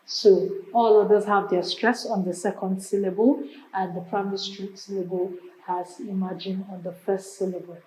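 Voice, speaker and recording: A woman with a Nigerian English accent teaching an exam prep lesson, drilling word lists slowly and repeating them. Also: mid-range voice, steady tone, a little mellow, echoey room, slight background noise, poor audio.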